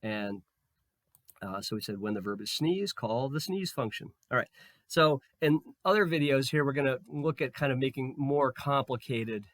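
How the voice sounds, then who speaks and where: Hoarse man talking through code. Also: mid-range voice, normal speed, dry recording. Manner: relaxed, thinking aloud with fillers and restarts. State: slightly hoarse, losing his voice. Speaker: programming tutor. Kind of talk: screen-recorded coding tutorial.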